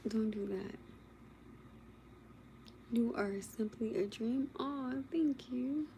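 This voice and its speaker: Her fairly high voice sounds creaky and dark-toned as she speaks slowly amid slight background noise. A young woman hosting a late-night livestream from her bed at home, she chats casually, teases sleepily, and laughs often.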